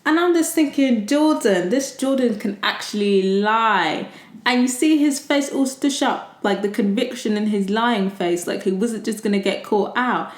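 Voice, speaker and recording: A woman hosting a podcast and recapping a reality show episode in casual, animated chat, swearing freely. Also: a little high, measured pace, reverberant. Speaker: podcast host. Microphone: desktop USB mic.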